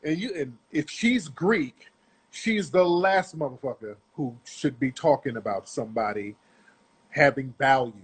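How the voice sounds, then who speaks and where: A man's voice: mid-range voice, a little slow, breathy edge. A middle-aged man giving blunt, profane, lecturing commentary on a video clip.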